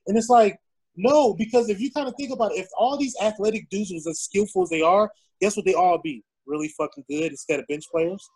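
A man's voice: sits high, fairly quick, a little mellow, breathy edge, low-quality recording. A man in casual podcast chat, talking loosely with frequent swearing and restarts.

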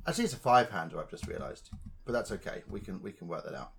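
Man, comedy podcast host, rambling, hesitant, jokey, lively pitch. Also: rapid-fire, vocal fry, a little hiss or hum. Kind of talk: casual banter.

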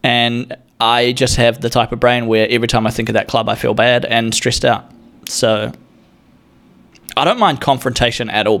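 A man's voice: mid-range voice, a bit bright. A young man with a New Zealand accent, telling a rambling, sweary and self-mocking comic story as a podcast host.

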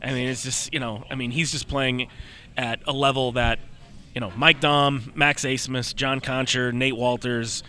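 A man with a bright, forceful tone chatting on a sports podcast. He tells long stories, slipping into the voices of the people he quotes. His pitch sits in a middle range. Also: little pitch movement, normal speed, clear, resonant tone. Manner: storytelling, acts out quotes. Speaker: podcast co-host. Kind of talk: casual sports chat.

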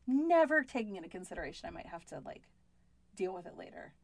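A woman co-hosting a podcast in casual chat, giggly and animated, swearing freely. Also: mid-range voice, fast talker, dry recording. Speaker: podcast co-host.

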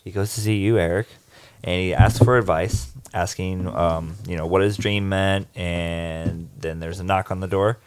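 A man's voice: low voice, steady tone, normal speed, clean tone. A man hosting a podcast, loosely recapping a film's plot with jokes and asides. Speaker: podcast host. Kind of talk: casual podcast chat.

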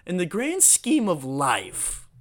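A man hosting a solo podcast, talking in a rambling, profane, excitable way. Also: high voice, takes it slowly. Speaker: podcast host.

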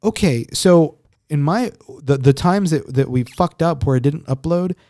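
A man co-hosting a podcast in casual chat, rambling and swearing, quick to laugh. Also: on the high side, warm tone, dry recording, studio quality. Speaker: podcast co-host. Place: home recording room.

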